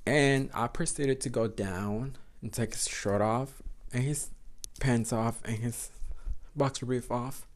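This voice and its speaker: A man's voice: mid-range voice, fairly even intonation, slow. A young man, hosting a podcast and telling a story in a frank, profane way, slipping Spanish phrases into English. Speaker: podcast host. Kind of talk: casual storytelling monologue.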